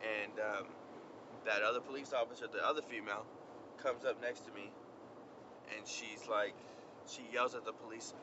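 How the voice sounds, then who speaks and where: A man's voice: fairly low pitch, moderate pace, pauses often. Chatty young man telling a story outdoors. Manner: animated, chatty, slangy. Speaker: vlogger. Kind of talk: casual storytelling. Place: outdoors by a road, windy. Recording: lo-fi outdoor recording with traffic noise. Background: wind and passing traffic.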